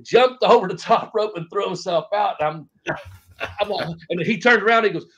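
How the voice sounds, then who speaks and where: A middle-aged man spins loose, rambling anecdotes, swearing casually and slipping into quoted voices as he goes. His voice sits a little high for a man, and the podcast audio comes through muffled and lo-fi. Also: moderate pace, slight background noise. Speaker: interview guest, former wrestler. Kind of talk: casual storytelling interview.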